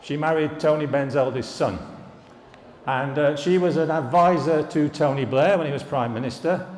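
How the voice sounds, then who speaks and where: Speaking at normal speed in a slightly high voice, an older man, once the students' union president, tells stories in an anniversary speech to alumni. His wry humor fills a large, echoing hall at a live event, and the recording has a faint hiss or hum.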